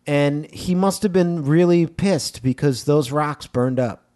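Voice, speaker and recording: A man co-hosting a movie podcast, chatting casually. He is joking and animated. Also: a little high, a little slow. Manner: joking, animated, reads text with mock gravitas. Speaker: podcast co-host.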